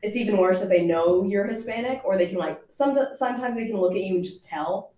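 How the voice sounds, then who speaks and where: A woman's voice: mid-range voice, brisk, warm tone. Chatty young woman, echoey room. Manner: chatty, many fillers, laughing asides. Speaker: student in a group discussion. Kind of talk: casual chat.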